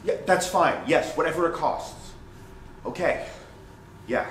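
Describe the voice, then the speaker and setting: A man performing a stand-up storytelling monologue on stage, animated and self-mocking, often repeating phrases. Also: a little high, a little slow, pauses often, slight background noise. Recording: roomy stage sound, mic at a distance.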